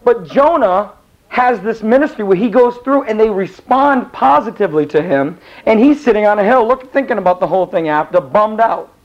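A male Bible teacher tells the story in a loose, rambling way and slips into the characters' voices. His voice sits a little high, and the recording sounds dull and lo-fi. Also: moderate pace. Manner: rambling, animated, acts out the characters. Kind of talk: casual Bible class storytelling.

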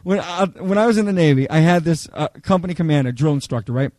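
Lively, animated male preacher. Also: on the high side, fast talker, dry recording. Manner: animated storyteller, chatty, checks in with "okay?". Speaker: pastor teaching a Bible study. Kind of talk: sermon with humorous personal stories.

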